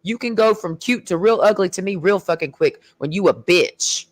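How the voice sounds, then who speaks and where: A woman's voice: fairly low pitch, expressive, moderate pace, no room sound. A woman ranting in a heated, sarcastic and profane way in a casual vlog. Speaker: vlogger. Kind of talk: casual rant.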